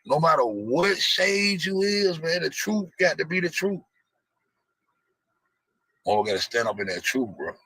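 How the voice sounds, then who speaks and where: A man hosting a reaction video, talking casually over clips and firing off preachy rhetorical questions in a raspy voice. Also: on the high side, very animated, moderate pace, long pauses, pushed and bright, dry recording, rough recording.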